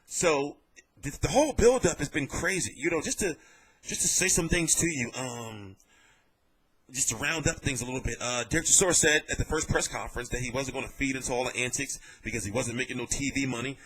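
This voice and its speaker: A man giving casual vlog commentary on boxing, telling it in an animated, jokey and profane way. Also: mid-range voice, fairly quick, breathy edge.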